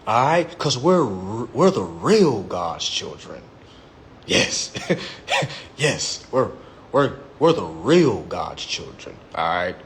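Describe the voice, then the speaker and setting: A man's voice: slow, a little hiss or hum. A man giving a casual live-stream monologue, brash, profane and mocking as he promotes his class. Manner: lively pitch swings.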